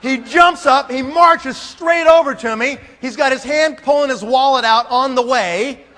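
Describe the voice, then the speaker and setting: A man telling a comic story as a conference speaker, animated and acting out scenes with sound effects, in a large hall. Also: very high voice, measured pace.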